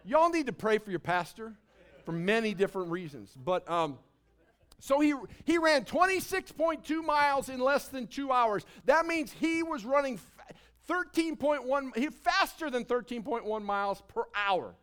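High-voiced animated preacher man. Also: moderate pace, smooth. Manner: animated preaching, swinging from soft asides to loud emphasis. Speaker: pastor. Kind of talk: sermon.

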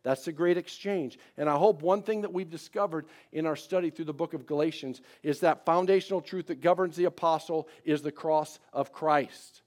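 A middle-aged male pastor preaching a sermon, swinging between loud emphatic declarations and soft, quiet personal asides. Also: fairly high pitch.

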